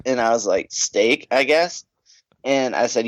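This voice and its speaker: A middle-aged man with an ordinary mid-range pitch tells casual, rambling stories on a podcast. He laughs easily between lines. The recording is close and dry, with no room sound. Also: moderate pace, no room sound, low-quality recording. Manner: laughs often while telling stories. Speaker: podcast co-host. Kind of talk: casual storytelling chat.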